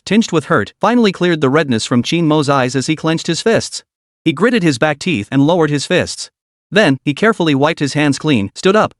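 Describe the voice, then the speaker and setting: A man narrating a story recap, his fairly high voice rising and falling in lively swings as the tale moves on. The recording is close and completely dry, with no room sound at all. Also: no room sound.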